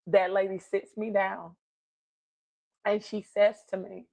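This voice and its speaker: A woman's voice: medium pitch, level tone, slow pace, gravelly, darkish tone, no echo, poor audio. A woman giving a heartfelt personal testimony, earnest and encouraging as she tells a story. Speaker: guest speaker.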